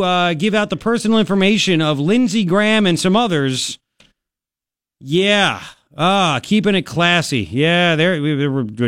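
A man's voice: fairly high pitch, fairly bright tone, no echo, clean studio sound. A male talk radio host giving an emphatic, ranting political commentary.

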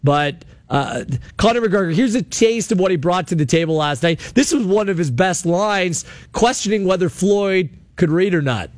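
A man hosting sports talk radio, chatty and animated, taking calls from listeners. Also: high-pitched, normal speed, no echo. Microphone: studio mic.

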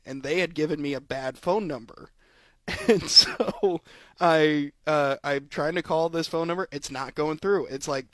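Man, sports podcast co-host, slightly high voice, animated storyteller, laughs a lot, dry close sound. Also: no echo. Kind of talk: casual sports chat.

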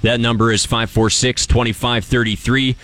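A man's voice: medium pitch, flat delivery, normal speed, a bit bright, faint music behind. A young man from Canada hosting a sports radio show, chatting casually and joking at his own expense. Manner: chatty, joking, self-deprecating.

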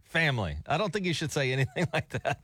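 A man's voice: fairly high pitch, very animated, fast talker, fairly bright tone, slightly rough. A man co-hosting a morning radio show, bantering casually and laughing often.

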